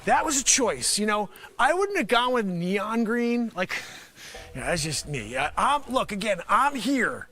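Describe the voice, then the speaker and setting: Excitable high-voiced man doing a comic pitch. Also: measured pace. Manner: rambling, sarcastic, excitable. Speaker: host. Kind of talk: comedic improvised pitch.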